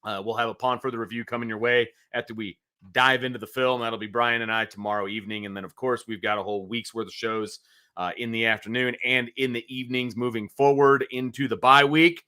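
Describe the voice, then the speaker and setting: Guy signing off a football talk show, plugging the next episodes, bright voice. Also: medium pitch, fairly even intonation, fairly quick, clear, resonant tone. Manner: wraps up and promotes upcoming shows. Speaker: co-host. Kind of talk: casual post-game sports talk.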